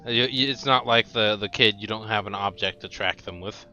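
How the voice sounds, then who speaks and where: A man narrating as game master of a tabletop game, relaxed and halting, with many fillers. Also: on the low side. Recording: dull lo-fi mic with faint music.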